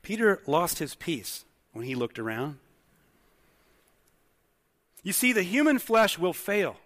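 Pastor preaching with a slightly high voice. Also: male voice, sing-song, slow, fairly bright tone. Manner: conversational, asks the congregation many questions. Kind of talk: sermon. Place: church hall with congregation. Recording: long hall reverb.

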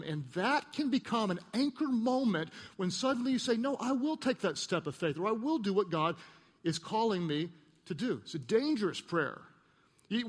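A middle-aged male pastor preaching a sermon, an animated storyteller who acts out voices and pokes fun at himself. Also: sits high, in a large hall.

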